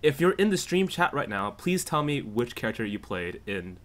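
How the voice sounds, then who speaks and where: Lively, bright-voiced podcast host. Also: male voice, mid-range voice, normal speed. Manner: animated, laughing often. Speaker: podcast host reading questions. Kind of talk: casual gaming podcast chat.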